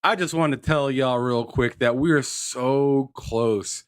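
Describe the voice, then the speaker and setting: A man's voice: medium pitch, takes it slowly, clear, resonant tone, no room sound, clean studio sound. A man co-hosting a gaming news show, talking in a loose, slangy way and repeating words as he gets going. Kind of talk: casual chat.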